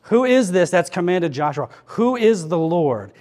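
A man's voice: high-pitched, sing-song, unhurried, few pauses, a little mellow. Earnest male pastor preaching a sermon. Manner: conversational, earnest preaching with repeated questions. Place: church.

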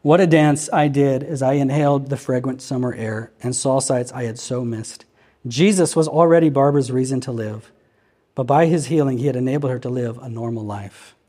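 A man reading a healing account aloud in an earnest, steady narration, with occasional slips and restarts. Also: medium pitch. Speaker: reader of a testimony.

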